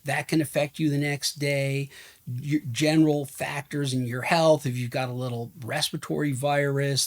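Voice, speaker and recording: Man explaining like a doctor. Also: medium pitch. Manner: measured, explanatory, with hedging fillers. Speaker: guest physician. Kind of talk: explanatory interview answers.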